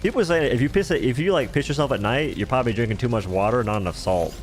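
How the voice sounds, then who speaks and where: A man's voice: medium pitch, lively intonation, quick pace. A man streaming a game live, rambling and joking in casual chatter as he answers viewers' chat.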